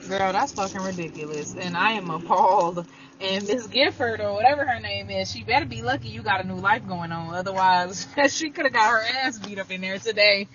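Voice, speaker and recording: A woman's voice: medium pitch, fairly bright tone, slight background noise. Outraged woman on a dull voice message. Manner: outraged, profane, fast. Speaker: friend in a voice message. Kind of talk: casual voice message.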